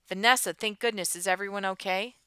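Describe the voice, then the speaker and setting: A woman's voice: mid-range voice, steady tone, brisk, pushed and bright, smooth, dry recording, voice pushed up, lightly acted. A woman voicing a frantic, worried mother on the phone. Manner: frantic, then reassuring.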